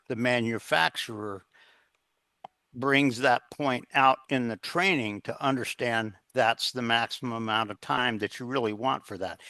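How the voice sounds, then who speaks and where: Man, bright voice, dry close sound, interview guest, earnest storyteller. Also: medium pitch, dry recording. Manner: earnest, anecdotal, quotes others in dialogue.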